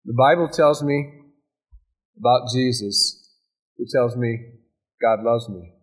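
A man preaching a sermon, emphatic, with repeated phrases and dramatic pauses. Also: medium pitch. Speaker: pastor.

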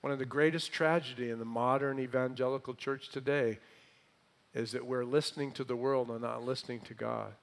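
A man preaching a sermon, quizzing the congregation with questions and swinging between loud emphatic phrases and hushed lines. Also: medium pitch, steady tone, brisk, creaky.

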